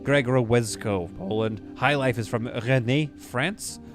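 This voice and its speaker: A man from Vancouver in western Canada livestreams a space-building sim, thinking aloud and chatting with his viewers as he plays. His mid-range voice moves at a measured pace, and music plays in the background.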